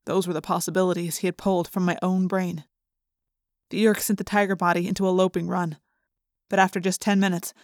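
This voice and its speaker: A woman narrating an audiobook in the first person, measured and suspenseful in a mid-pitched voice. The recording is dry and close to the mic, with no room around her. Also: no echo.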